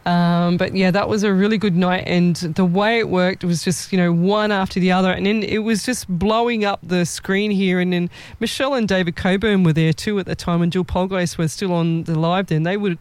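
A man working as a psychic medium who chats casually and tells animated stories, acting out the voices of the people he quotes. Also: high-pitched, a little fast, few pauses, clean tone, no room sound. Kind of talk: casual live-stream chat and storytelling.

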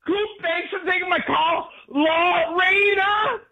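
A male caller to a radio show, shouting in an excitable, strained way. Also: very high-pitched, unhurried. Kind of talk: call-in chat. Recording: dull lo-fi phone line.

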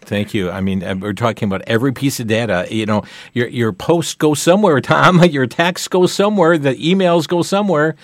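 A man's voice: mid-range voice, brisk, no echo, studio quality. A man hosting a call-in radio show, taking callers and talking with his guest in a folksy, affirming way.

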